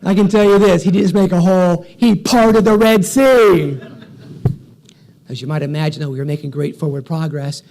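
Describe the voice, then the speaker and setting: A man's voice: fairly high pitch, little pitch movement, fast, hardly any pauses, dark tone. A man in his forties giving a motivational keynote speech, telling stories with energy and a punchy rhythm. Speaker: keynote speaker.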